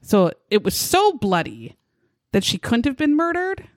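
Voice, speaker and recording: A woman's voice: a little high, sing-song, a little slow, dry recording. A woman casually recounting a true crime case to a co-host, blunt and indignant, with frequent swearing. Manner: blunt, profane, indignant storytelling. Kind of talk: casual chat.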